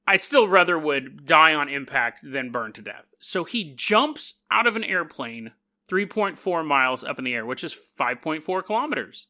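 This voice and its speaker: Animated, bright-voiced male podcast host. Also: on the high side. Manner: animated, joking, puts on quick voices for people in the story; laughs often mid-sentence. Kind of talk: casual storytelling monologue.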